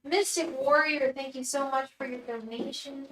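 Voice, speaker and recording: A woman's voice: sits high, moderate pace, recorded from a distance. A woman chatting casually on a live tarot stream from her room at home, often cooing baby talk at her cat. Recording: echoey room, voice off-mic, faint noise.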